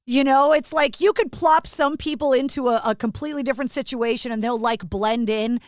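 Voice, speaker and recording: A woman's voice: high-pitched, brisk, no echo, clean studio sound. A woman from the Boston area who hosts on radio, interviewing a guest with blunt, salty banter. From Boston area, Massachusetts. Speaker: radio host. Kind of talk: podcast interview.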